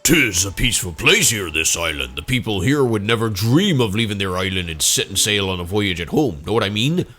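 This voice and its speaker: A stubborn old sailor from a video game, gruff and scolding, as a man puts him on. The voice sits low yet rolls up and down with plenty of life. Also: very animated, fairly quick, few pauses, bright, forceful tone, soft background music, exaggerated voice. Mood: musing. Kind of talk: let's play voicing game dialogue.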